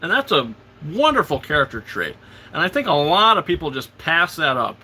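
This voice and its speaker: A man's voice: on the high side, sing-song, normal speed, pushed and bright, slight background noise. A man hosting a casual live film commentary, retelling scenes with enthusiasm and stammered restarts. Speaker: host.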